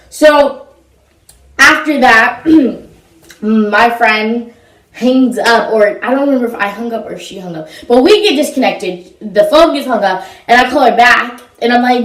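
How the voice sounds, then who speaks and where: Young woman vlogger, high voice, chatty storyteller; recorded off-mic in an echoey room. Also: animated, moderate pace, distant mic. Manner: chatty, filler-heavy, fills gaps with blah blah. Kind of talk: casual storytime. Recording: roomy echo, voice set back from the mic.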